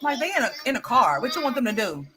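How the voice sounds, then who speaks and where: A woman's voice: fairly high pitch, very animated, quick pace, background noise. A woman hosting gossip commentary over played clips, sassy and teasing, laughing often and calling people girl and honey. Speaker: commentary channel host.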